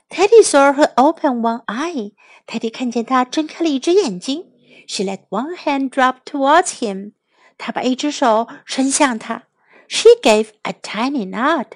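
A woman teacher reading a children's story aloud in two languages, clear and expressive. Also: high-pitched, no room sound. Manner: clear, expressive, slow English then Chinese.

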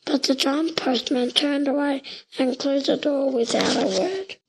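A woman reading a children's storybook aloud, slow and deliberate, with occasional slips. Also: high-pitched, vocal fry, low-quality recording.

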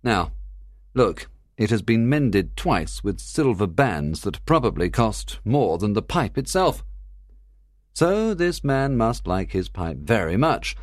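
A brilliant detective in a storybook audio drama, confident and a little impatient. His middle-pitched voice moves in lively swings as he reasons aloud. It is recorded close and dry. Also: slow pace, no room sound.

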